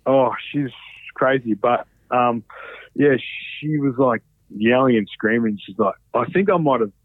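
A man's voice: mid-range voice, measured pace, no echo. A man in his thirties with an Australian accent, telling stories as a guest in a casual chat, swearing a lot and rambling with many fillers. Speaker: podcast guest. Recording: dry, phone-like sound.

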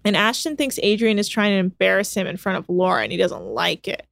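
A woman's voice: medium pitch, fast, gravelly, a bit bright, dry recording. Young female co-host, chatty and sarcastic, dry close mic. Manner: chatty, sarcastic, mimics people in snippy voices. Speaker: podcast co-host. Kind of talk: casual reality TV recap chat.

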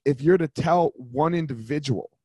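A man's voice: a little high, normal speed, a little mellow, husky, no echo, studio quality. A man hosting a podcast, chatting casually with lots of "like" and "man". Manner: conversational, frequent "like" and "man". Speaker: podcast host. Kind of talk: casual interview chat.

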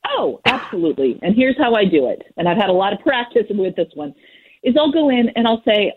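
Woman, parenting expert, blunt and husky, phone-quality sound. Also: mid-range voice, sing-song, brisk, no echo. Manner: frank, plainspoken, mild swearing. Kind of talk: casual advice talk. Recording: muffled phone-like line.

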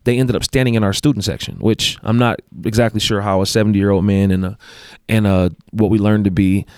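A man's voice: fairly low pitch, fairly even intonation, fairly quick, a little mellow, smooth, no echo, studio quality. A man who coaches basketball, telling a story in casual chat, rambling with restarts and self-corrections. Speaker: guest, basketball coach and athletic director.

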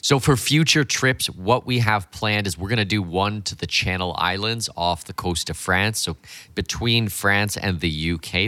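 A man in his forties hosting a solo podcast, talking with blunt enthusiasm in a voice gone hoarse from a week of speeches. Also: low voice, sharp tone, no room sound. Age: 40s. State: hoarse, half lost voice. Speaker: podcast host.

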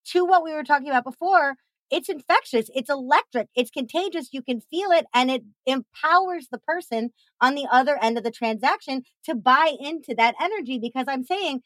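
A woman's voice: high voice, a bit bright, no room sound, poor audio. A woman hosting a podcast, chatting energetically and emphatically, swearing freely and acting out quotes. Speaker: podcast host. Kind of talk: casual interview chat.

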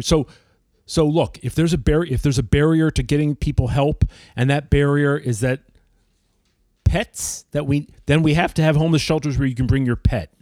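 A man's voice: a little high, steady tone, moderate pace, darkish tone, no echo, clean studio sound. A middle-aged man, chatting casually and acting out the people in his stories. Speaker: podcast guest. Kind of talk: casual storytelling chat.

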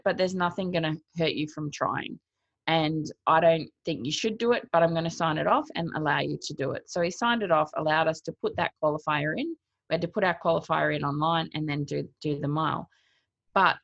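A woman's voice: lowish voice, gravelly, no room sound. A woman, a cold-water swimmer, retelling her experience in a casual interview, acting out what people said to her. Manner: lively retelling, acts out quotes, laughs between thoughts. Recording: dull lo-fi, dry sound.

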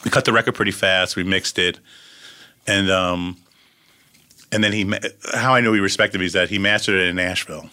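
A man's voice: deep voice, steady tone, brisk, pushed and bright. A man, a record producer, telling casual anecdotes and acting out the lines of other people.

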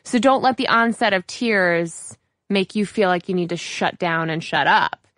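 A woman hosting an interview podcast, talking in an animated, emphatic way. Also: mid-range voice, unhurried, no room sound, studio quality. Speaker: podcast host. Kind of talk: casual interview chat.

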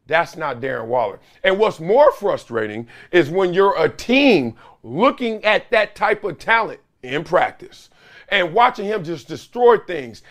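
Animated, hoarse middle-aged sports host. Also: male voice, on the high side. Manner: animated, sarcastic, with loud whoops. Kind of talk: solo sports commentary.

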